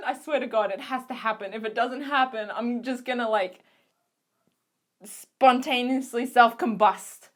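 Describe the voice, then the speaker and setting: Gushing Australian woman with a raised pitch. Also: measured pace. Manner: gushing, excitable, giggly, full of fillers. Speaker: vlogger. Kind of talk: casual fangirl recap vlog.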